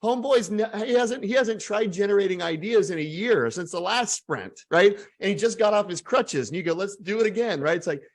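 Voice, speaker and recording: A man from Texas, in his forties, speaking as a guest author in a casual interview, animated and full of asides and jokes. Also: high voice, fairly quick, few pauses. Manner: energetic, animated storyteller with frequent asides and self-deprecating humor.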